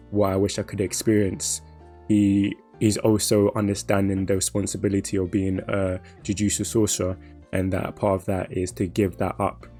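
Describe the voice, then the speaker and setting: Low, flat-voiced man reflecting. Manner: measured, reflective, many fillers. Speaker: podcast co-host. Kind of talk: casual anime discussion.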